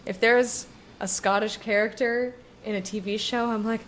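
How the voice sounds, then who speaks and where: A woman streaming a video game and chatting casually with her viewers, talking in a drawn-out way that lingers on words. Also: a little high, fairly even intonation, a little hiss or hum.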